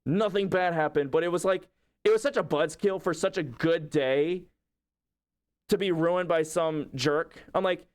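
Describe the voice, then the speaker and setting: Male streamer, casual storyteller, a bit high-pitched, filler-heavy and animated. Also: measured pace. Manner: rambling, lots of "like" and restarts; animated retelling, acting out quotes. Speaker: livestreamer.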